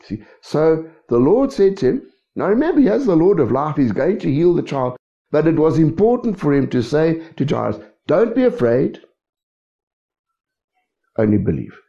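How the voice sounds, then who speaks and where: A man's voice: a little high, very animated, moderate pace, gravelly. A man preaching a sermon, who keeps checking in with his congregation. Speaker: pastor. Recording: dull lo-fi recording.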